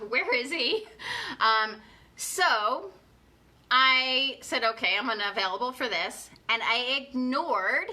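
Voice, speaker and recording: A woman's voice: fairly high pitch, pushed and bright. A young woman coaching viewers live in a chatty way, repeating her questions and answering their comments. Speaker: life coach. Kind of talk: live motivational coaching talk.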